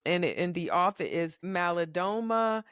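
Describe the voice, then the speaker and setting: A woman's voice: on the low side, normal speed, fairly bright tone, smooth, no room sound, clean studio sound. A woman co-hosting a spiritual conversation show. She talks earnestly and reflectively, and turns emphatic and fervent when she makes her point. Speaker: podcast co-host.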